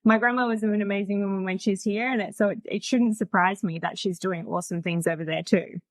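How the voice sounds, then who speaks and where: A woman's voice: mid-range voice, steady tone, fairly quick, no room sound. A woman in her forties, a podcast guest, telling her story in a chatty, frank way and laughing easily. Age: 40s. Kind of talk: casual storytelling.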